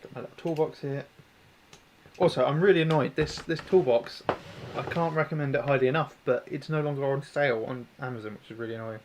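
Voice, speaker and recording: A man's voice: medium pitch, fairly even intonation, fast talker. Man in a casual tinker-and-chat livestream, rambling and self-mocking, mid-range voice, faint noise behind. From New Zealand. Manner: rambling, chatty, self-deprecating, answers chat. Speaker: airsoft tech livestream host. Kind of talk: casual livestream chat while working on a gun.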